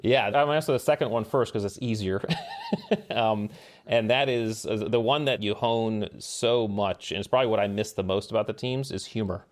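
A middle-aged man, a former Navy SEAL guest on a podcast, telling stories in lively conversation and acting out the voices he quotes. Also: on the low side, moderate pace. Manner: animated storyteller, acts out quoted voices. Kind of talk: casual storytelling conversation.

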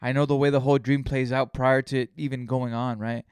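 A man's voice: medium pitch, little pitch movement, fairly quick, darkish tone, clear, resonant tone, dry recording, clean studio sound. A man hosting a solo podcast, telling rambling stories with plenty of swearing. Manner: rambling storytelling, heavy swearing. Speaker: podcast host. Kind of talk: casual solo podcast monologue.

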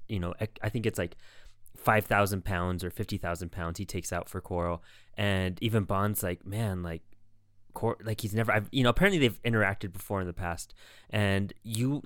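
A man's voice: fairly low pitch, no room sound, clean studio sound. A man co-hosting a podcast in a casual chat, rambling with lots of fillers. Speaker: podcast co-host.

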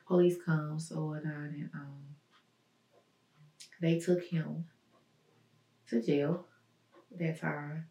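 Gravelly woman telling her story, echoey. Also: low-pitched, level tone, mellow. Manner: halting, searching, with many pauses and fillers. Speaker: guest. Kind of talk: personal testimony in an interview. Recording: roomy echo, mic at a distance.

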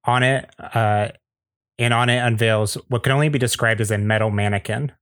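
A man narrating stage directions in a steady, plain read with small slips, at a table read. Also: mid-range voice, moderate pace, no room sound, clean studio sound.

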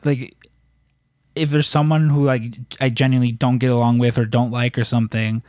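A man chatting casually about his coworkers, halting and full of "like". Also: mid-range voice, level tone, darkish tone, no room sound, studio quality. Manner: hesitant, lots of "like" and restarts. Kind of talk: casual chat.

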